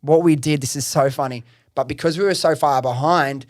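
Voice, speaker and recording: A man hosting a podcast, telling his startup story in casual chat, excitable, swearing freely and saying "like" a lot. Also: fairly high pitch, fairly quick, dry recording, studio quality. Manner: excitable, swears freely, heavy use of "like" and "bro".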